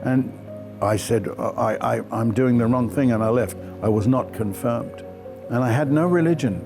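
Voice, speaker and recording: An older man, an actor telling stories from his life in an interview with clear, projected speech and frequent self-deprecating laughter. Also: medium pitch, normal speed, music in the background. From Australia. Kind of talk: reflective storytelling interview.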